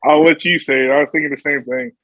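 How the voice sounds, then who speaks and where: A man's voice: a little high, steady tone, fast, a loud crowd, rough recording. A man talking as a podcast guest in casual chat, joking and laughing easily. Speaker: podcast guest, competitive powerlifter.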